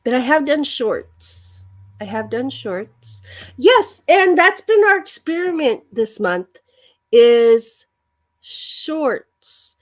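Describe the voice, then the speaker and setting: A woman's voice: high-pitched, big pitch swings, very slow. A woman hosting a casual live chat with her viewers, giggly and self-deprecating. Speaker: livestream host.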